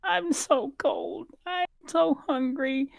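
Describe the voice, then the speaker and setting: High pleading elf girl voice, put on by a game master, small and meek, dry close sound. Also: slow, creaky, no echo, exaggerated voice. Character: starving ragged young elven girl, timid.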